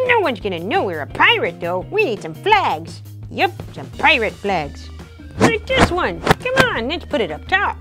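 A cheerful little gator pirate, voiced by a woman squeaks and whoops through a kids' play adventure. The voice sits extremely high and swoops around, and the lines come at an easy, unhurried pace. Bright music runs under it all. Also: heavily acted. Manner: excitable, lots of whoas and squeals. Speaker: show's title character. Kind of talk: kids' pretend-play video voice. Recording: music playing behind.

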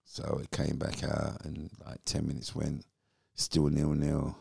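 A man's voice: very deep voice, completely flat delivery, a little slow, gravelly, a little mellow, husky, no room sound, studio quality. A British man in his fifties, a former footballer, guest on a podcast, telling his story animatedly and acting out what people said. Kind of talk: storytelling interview.

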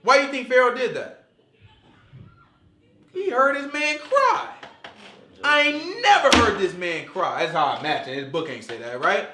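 A man preaching an informal sermon in slangy, animated talk, acting out voices as he goes. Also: very high-pitched, measured pace, long pauses, a little hiss or hum. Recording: echoey room.

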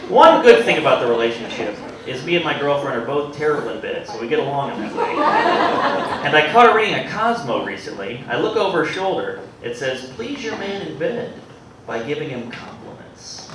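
Male stand-up comic, deadpan and self-deprecating, lively pitch, recorded from far off in an echoey club with loud crowd noise. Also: fast talker. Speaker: stand-up comedian. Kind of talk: stand-up comedy set. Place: comedy club with live audience.

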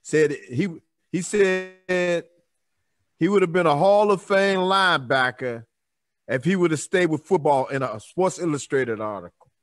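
A man's voice: fairly high pitch, measured pace, no room sound. A man with a Chicago accent hosting a casual interview, reacting with short interjections and reading viewer comments aloud. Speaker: host.

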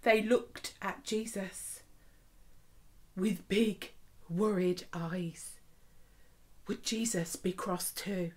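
A woman vicar telling a story and leading a school assembly in an expressive storytelling manner. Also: medium pitch, extremely slow, pauses often.

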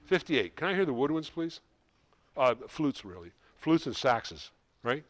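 A man coaching a high school band in rehearsal, giving quick instructions and singing rhythms to show how they go. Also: very animated, slight background noise. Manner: brisk, sings rhythms to demonstrate. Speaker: band clinician. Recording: music in the background. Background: band playing.

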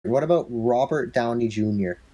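A man's voice: medium pitch, moderate pace, mellow. A young man chatting casually with friends, teasing one of them with a laugh in his voice.

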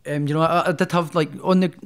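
A boxer chats about his life as a podcast guest, his smooth voice on the high side, steady and quick. The storytelling is casual and rambling, with many restarts.

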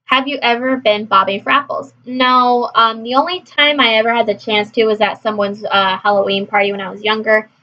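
A woman from California chatting casually through a list of questions, answering briskly with frequent laughs. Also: fairly high pitch, bright, forceful tone, muffled recording. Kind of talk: casual chat.

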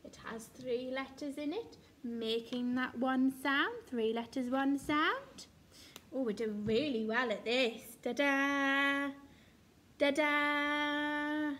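Slow, high-voiced woman teaching phonics. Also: fairly even intonation, a bit bright. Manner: slow, sing-song, encouraging, sounding out letters. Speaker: reception class teacher. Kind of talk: recorded phonics lesson for young children.

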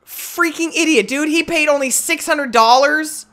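A young man hosting a gaming channel, giving excitable live commentary that swings from muttering to yelling, trash-talking other players. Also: very high voice, a little slow.

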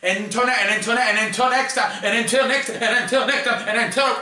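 A man's voice: high-pitched, fast, few pauses, sharp tone, slight background noise. A young man hosting a sports show alone, rambling loosely and cursing freely through his casual picks. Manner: profane, rambling, loose and joking. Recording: very echoey room, distant mic.

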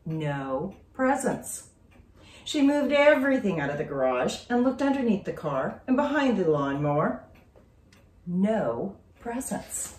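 Woman teacher, children's story read-aloud, lively pitch, roomy sound from a distance. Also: fairly quick, slight background noise. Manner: expressive, dramatic storytelling.

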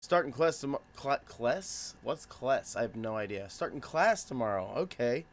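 Goofy, lively male game streamer. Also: medium pitch, normal speed. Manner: goofy, jokey, greets chatters by name. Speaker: game streamer chatting with viewers. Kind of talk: live stream chat.

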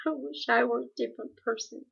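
A woman's voice: on the high side, expressive, measured pace, sharp tone, breathy edge, voice pushed up, exaggerated voice. A woman voicing an unhappy teenage girl who speaks shakily, near tears, in a dull lo-fi recording. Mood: upset. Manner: shaky, close to tears. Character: miserable teenage girl, tearful and self-doubting.

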